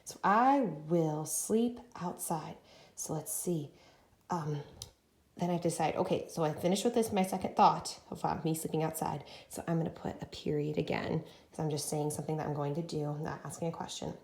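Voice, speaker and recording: Woman teacher for a young kids' writing lesson, lowish voice, sounds out words slowly, echoey room. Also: fairly even intonation, gravelly, mellow. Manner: slow and encouraging, sounding out words. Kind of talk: early-grade writing lesson.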